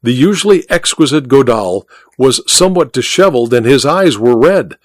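A scripted story is read by a male audiobook narrator whose mid-range delivery is measured and expressive. The recording is dry and studio quality.

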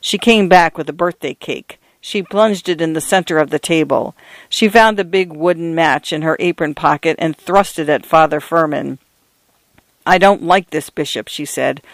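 A man narrating a story in a measured, even audiobook reading. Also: a little high, dry recording.

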